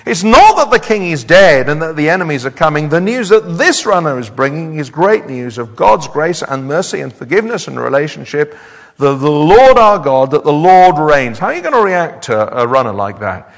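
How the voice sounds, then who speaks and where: A man preaching a sermon, animated and often repeating words as he builds up. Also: fairly high pitch, normal speed. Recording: hall reverb.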